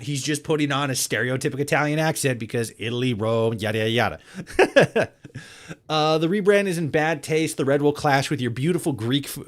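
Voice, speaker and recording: A man's voice: medium pitch, a bit bright. A young man casually commenting while playing a game, swearing freely, laughing often and thinking aloud.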